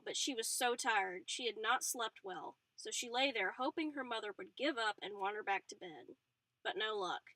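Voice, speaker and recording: Bright-voiced woman reading a novel aloud. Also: fairly high pitch, dry recording, low-quality recording. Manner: expressive, with small slips and restarts. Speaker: audiobook reader. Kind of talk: storybook narration.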